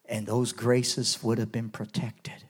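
A man from Canada preaching a revival sermon in church, dropping to hushed lows and rising to loud, soaring highs. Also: little pitch movement, takes it slowly, slightly rough.

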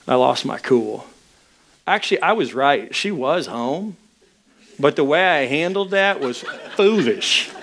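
A man's voice: fairly high pitch, a bit bright. A man preaching a sermon, telling a personal story with candid, self-mocking humor. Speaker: pastor.

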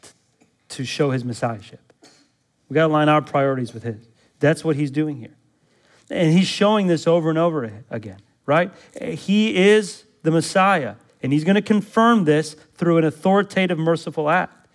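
A man's voice: a little high, normal speed. A male pastor preaching a sermon, emphatic, often quizzing the congregation with fill-in-the-blank questions and repeating words to press his points.

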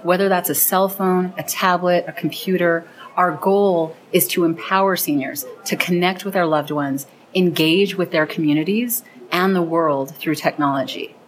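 Low-voiced woman, earnest and enthusiastic. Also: fairly even intonation, moderate pace, hardly any pauses, poor audio. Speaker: founder of a program linking teens and seniors. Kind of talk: interview conversation.

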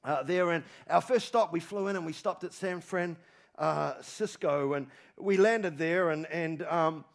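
A male pastor preaching a sermon to a congregation, repeating phrases with emphasis, swinging from loud calls to low, quiet lines. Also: unhurried, gravelly. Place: church hall with congregation.

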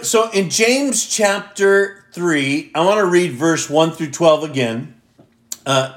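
A man preaching a sermon as a pastor, reading scripture slowly with deliberate emphasis and putting direct questions to his listeners. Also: on the high side. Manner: asks the congregation direct questions.

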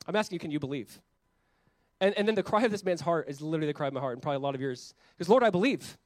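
Fast-talking young male pastor preaching. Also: a little high, dry recording. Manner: conversational, animated, acts out quoted voices. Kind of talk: sermon.

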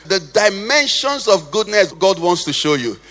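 A pastor delivers a sermon in a high, bright voice. His delivery is sing-song and impassioned, climbing to shouts and sinking to hushed prayer. His voice rings out through a long church reverb over soft music. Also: very animated, measured pace. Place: church sanctuary.

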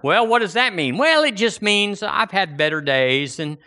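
Guy preaching, voice swings all over, animated sermon. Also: high voice, normal speed.

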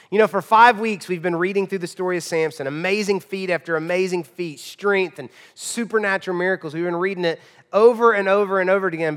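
A man preaching a sermon as pastor, conversational and emphatic, moving between loud and hushed passages in a church. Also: high voice, long reverb tail.

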